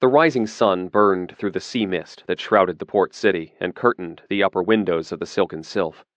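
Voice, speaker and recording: A man reading a fantasy audiobook in a steady, measured narration. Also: low-pitched, dry recording, dull audio.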